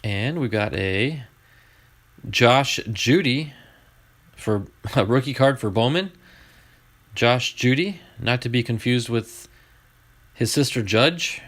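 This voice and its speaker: Chatty man with a lively voice. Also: medium pitch, takes it slowly, pauses often. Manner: chatty, excitable, talks to viewers. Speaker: card-opening streamer. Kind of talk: live card-opening chat.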